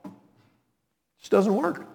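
A male pastor preaching a sermon, swinging his voice high and low and slowing down to stress key words. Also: big-room sound. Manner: dramatic swings in pitch and loudness, slows for emphasis.

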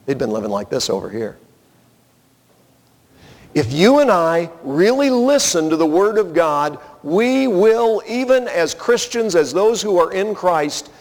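A man preaching a sermon as pastor, earnest and conversational, telling personal stories to his congregation. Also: sits high. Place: church sanctuary. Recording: long reverb of a large hall.

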